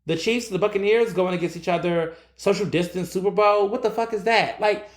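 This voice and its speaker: A man's voice: high-pitched, brisk, echoey room. Blunt, profane male podcast host. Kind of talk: solo podcast commentary. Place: recording in Philadelphia.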